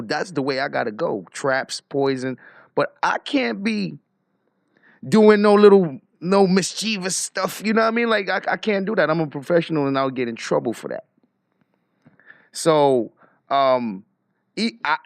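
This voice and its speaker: A man hosting a livestream, giving animated, emphatic casual commentary with frequent restarts. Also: medium pitch, gravelly, no room sound, studio quality. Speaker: livestream host. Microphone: headset or desk mic.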